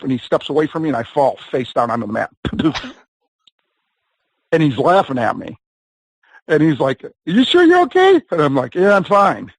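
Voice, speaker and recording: A man's voice: medium pitch, no echo, poor audio. A man, a professional wrestler, telling a long anecdote in a casual, rambling way as an interview guest, with laughs and quoted voices. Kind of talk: casual storytelling.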